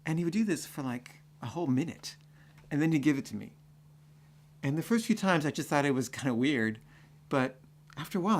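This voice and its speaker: A man telling a personal story in a conversational way, full of fillers. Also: fairly high pitch. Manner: conversational, full of fillers, builds to excited acting-out.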